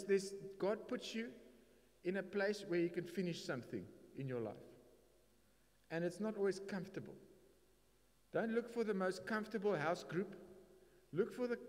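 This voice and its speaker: A man's voice: high-pitched, animated, moderate pace. A man with a South African English accent preaching a sermon with emphatic bursts and occasional Afrikaans asides. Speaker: pastor. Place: church hall. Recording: reverberant church hall.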